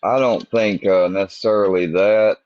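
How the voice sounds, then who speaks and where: A man hosting a casual chat, laid-back and halting, a little distracted. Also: on the low side, steady tone, a little mellow, no room sound. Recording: dry, dull lo-fi audio.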